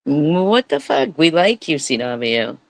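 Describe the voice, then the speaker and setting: A woman's voice: deep voice, very animated, slow. A woman streamer giving rambling live commentary, swearing and repeating words for emphasis.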